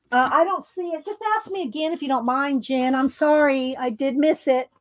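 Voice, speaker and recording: A woman hosting a casual craft livestream, chatting to viewers by name with frequent ums and throat clearing. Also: high voice, unhurried.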